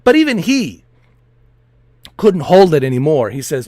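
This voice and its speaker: A man's voice: fairly high pitch, big pitch swings, unhurried, pauses often, a little mellow, dry recording. A man streaming while he plays, ranting in a heated, profane, repetitive way. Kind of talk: ranting monologue over a flight sim.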